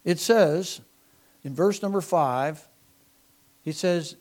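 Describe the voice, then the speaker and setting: A middle-aged man preaching a sermon, animated, swinging from loud emphasis to soft asides. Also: fairly high pitch, slow pace, long pauses. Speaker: pastor.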